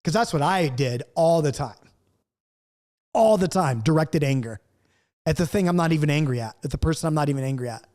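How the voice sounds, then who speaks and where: Animated high-voiced male Bible teacher. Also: brisk. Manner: acts out quoted outbursts, swings between loud and hushed. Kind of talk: impassioned Bible study talk to camera.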